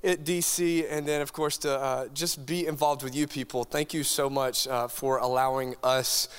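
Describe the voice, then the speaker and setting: A man, a youth pastor preaching an energetic, joking sermon to a congregation in a large church hall. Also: mid-range voice, normal speed, clear, resonant tone. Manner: animated, joking, talks straight to the crowd. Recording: long hall reverb from a church room.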